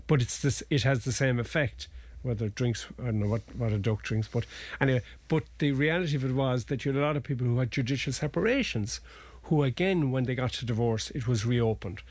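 A man's voice: mid-range voice, a little fast, few pauses, darkish tone. An Irish man, a lawyer guest, talking casually through family law cases with restarts and folksy asides. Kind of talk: conversational legal explanation.

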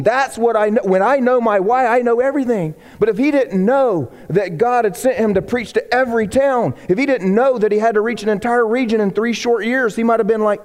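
A man preaching a sermon as pastor, animated and acting out the people he quotes. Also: sits high, moderate pace, in a large hall. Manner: animated, acts out quoted voices. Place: church sanctuary.

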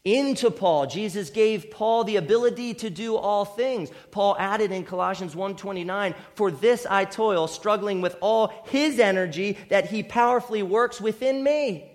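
A male pastor preaching a sermon, swinging between loud emphatic repetition and hushed, quieter asides. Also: sits high, moderate pace, hardly any pauses.

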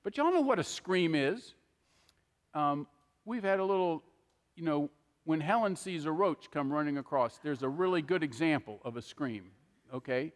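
Preacher, middle-aged man, high tenor voice, chatty sermon style, handheld mic, long church reverb. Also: animated, moderate pace. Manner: conversational preaching with frequent "okay?" asides. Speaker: pastor. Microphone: handheld microphone.

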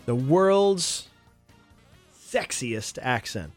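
A male morning radio host in casual on-air banter, animated and enthusiastic, talking at a studio microphone. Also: mid-range voice, extremely slow, soft background music. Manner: animated, enthusiastic, many restarts.

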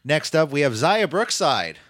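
A man's voice: a little high, very animated, a little slow, a bit bright, no room sound, studio quality. A man casually recapping wrestling matches as a podcast host, talking in loose play-by-play full of fillers and restarts. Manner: rambling, filler-heavy play-by-play with frequent restarts. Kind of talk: casual chat.

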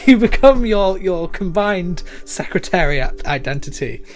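A man's voice: high-pitched, slow. A man running a tabletop game as game master, narrating with frequent laughter and small stumbles. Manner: laughing often, animated, with stumbles.

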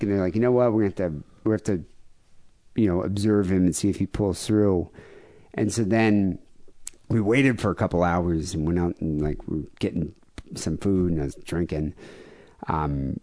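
A low-pitched man co-hosts a podcast in loose casual chat. He is grieving, and his story wanders and swears freely. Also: mellow. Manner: profane, rambling storytelling. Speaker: podcast co-host.

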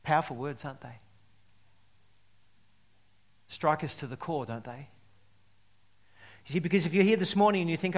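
A male pastor preaching a sermon, telling stories and swinging between loud emphasis and quiet drops. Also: a little high, expressive, normal speed, long pauses. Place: church service.

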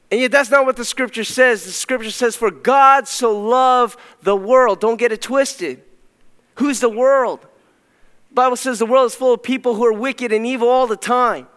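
A man's voice: extremely high pitch, a bit bright, clear, resonant tone, big-room sound. A man preaching a sermon as a pastor, emphatic and repeating phrases for stress. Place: church sanctuary.

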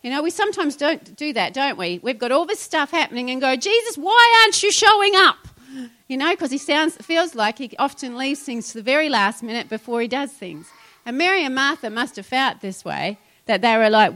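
A woman's voice: fairly high pitch, a bit bright. A woman pastor, preaching a sermon in a conversational way and retelling scripture with asides.

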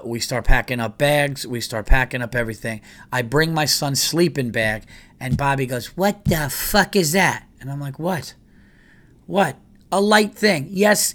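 Profane, animated storytelling man. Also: medium pitch. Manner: profane, animated retelling with exasperated quoted asides. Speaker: podcast host. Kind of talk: casual storytelling.

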